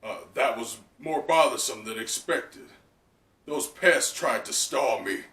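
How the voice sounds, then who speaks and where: A man's voice: mid-range voice, lively intonation, slow pace, sharp tone, far from the mic. A man voicing a hulking, menacing mammoth-man pirate in a dismissive, unbothered way, in an echoey room away from the mic.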